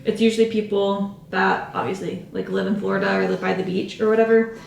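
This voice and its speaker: A woman's voice: mid-range voice, sing-song, a little fast, gravelly, darkish tone, roomy sound. A young woman vlogging at home, rambling and chatty with lots of fillers as she talks to the camera while doing her makeup. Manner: rambling, filler-heavy, self-interrupting. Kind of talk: chatty vlog talking to camera.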